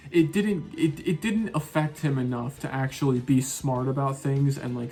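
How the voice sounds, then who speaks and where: A man's voice: mid-range voice, mellow. A man reviewing a film in a casual rant, sarcastic, exasperated and full of profanity. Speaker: movie reviewer.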